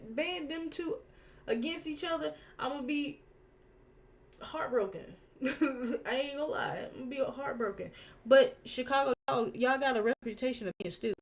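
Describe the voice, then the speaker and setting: A young woman chatting on a live stream as she draws. She rants in a casual, slangy, animated way and laughs easily. Her voice sits a little high. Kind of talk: casual rant while drawing.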